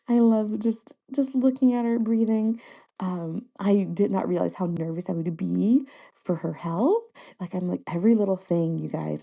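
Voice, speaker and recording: A woman's voice: lowish voice, gravelly, warm tone. A young adult woman hosting a podcast, chatting casually and candidly to her listeners with frequent fillers and little laughs. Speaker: podcast host. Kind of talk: casual solo podcast chat.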